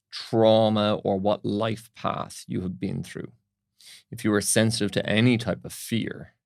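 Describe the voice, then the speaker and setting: A man who is a breath coach, speaking as a podcast guest in a calm, instructive way with anecdotes. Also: lowish voice, gravelly, no echo, clean studio sound. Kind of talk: explanatory interview talk.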